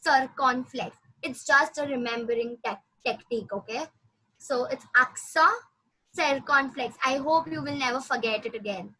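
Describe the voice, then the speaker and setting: A high-pitched woman leads a classroom-style language lesson. Her voice is bright and slightly husky, and she patiently repeats each word slowly for her student. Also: low-quality recording. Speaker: French teacher.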